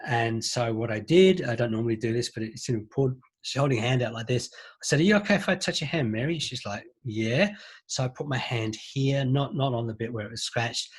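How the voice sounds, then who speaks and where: A middle-aged man, a psychologist, telling a client's story in a relaxed webinar talk and acting out both sides of the conversation. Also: medium pitch. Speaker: psychologist and trainer.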